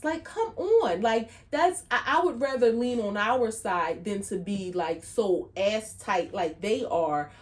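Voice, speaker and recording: A woman cohosting a podcast in casual chat, animated and peppered with "like". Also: mid-range voice, slow, few pauses. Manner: animated, frequent "like" fillers.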